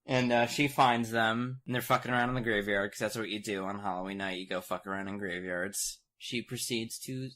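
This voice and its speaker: Young male co-host with a bright, lowish voice, energetic and profane, acting out lines as he recaps. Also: a little fast, hardly any pauses. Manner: animated, profane, acts out quotes. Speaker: podcast co-host. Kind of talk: casual comedic recap chat.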